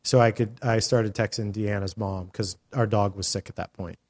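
Low-voiced rambling male podcast host. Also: steady tone, normal speed, a little mellow. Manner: rambling storyteller, swears casually, many fillers. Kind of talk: casual chat.

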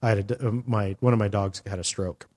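A middle-aged man with a lowish voice, hosting a casual podcast chat. He rambles through a story with plenty of "uh" and "um" and swears offhandedly. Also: fairly even intonation, fast talker, a little mellow. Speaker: podcast host.

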